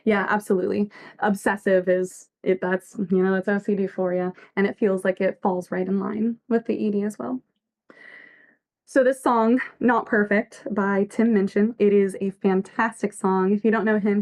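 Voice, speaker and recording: A woman's voice: medium pitch, a little mellow. A woman giving casual livestream commentary as a fanfic author, earnest and reflective, reading chat messages aloud.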